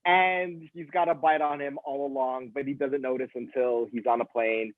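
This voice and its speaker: A man's voice: mid-range voice, steady tone, normal speed, no echo. A young man co-hosting a casual movie review chat, often stammering and repeating his words. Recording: dry, phone-like sound.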